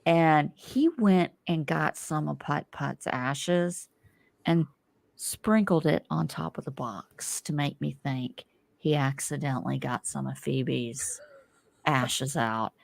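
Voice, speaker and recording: A middle-aged woman hosting a podcast, telling a story in casual chat, animated and profane. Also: low-pitched, slow pace, vocal fry. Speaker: podcast host.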